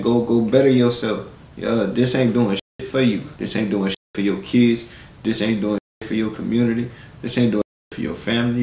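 A man's voice: mid-range voice, a little mellow, echoey room, slight background noise. A man giving a blunt, preachy commentary in street slang, lecturing his viewers and calling them "bro". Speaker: live-stream commentator. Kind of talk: casual commentary rant.

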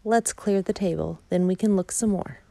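A woman voicing Mother Bear, a gentle and kind mother bear, in a soft raised motherly voice. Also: mid-range voice, normal speed, vocal fry, dry recording, natural voice.

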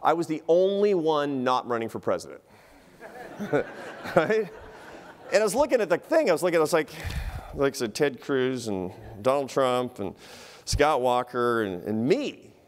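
A man giving a public lecture in a hall, telling stories in an animated, humorous way. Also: mid-range voice, moderate pace.

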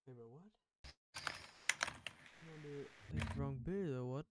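A fellow player chatting casually during a game, relaxed and saying bro a lot. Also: mid-range voice, measured pace, very noisy. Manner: laid-back, says bro a lot. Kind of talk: casual gaming chat.

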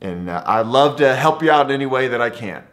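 A man voicing a friendly fiftyish man who offers help to a stranger, in an excited, raised quoting voice. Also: mid-range voice, quick pace, natural voice.

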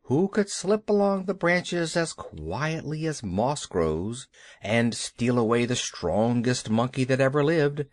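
A man narrates a children's storybook at an unhurried pace, his voice rising and falling with plenty of life. The recording is dry and close to the mic. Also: medium pitch, very animated, no room sound. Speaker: audiobook narrator.

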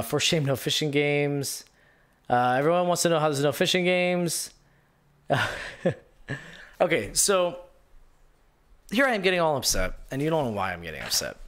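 A man's voice: fairly high pitch, animated, measured pace, long pauses, a bit bright. A male gaming show host ranting live, sarcastic and incredulous, rambling through restarts and reading viewer comments aloud. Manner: rambling with many restarts and fillers. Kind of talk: live-streamed gaming rant.

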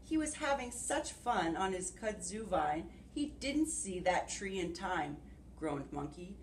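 Preschool teacher, woman, unhurried and encouraging, very animated storybook delivery; roomy echoey recording. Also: fairly low pitch, far from the mic. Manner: gentle, encouraging instructions to young children. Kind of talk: circle-time lesson and storybook read-aloud. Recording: echoey room with faint background hiss.

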